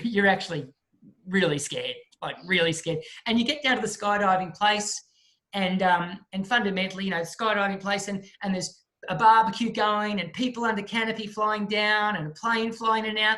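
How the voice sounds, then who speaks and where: A man, a guest speaker telling a lively story in a talk and acting out the people in it. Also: high-pitched, moderate pace. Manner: lively storyteller who acts out the voices of the people in his story.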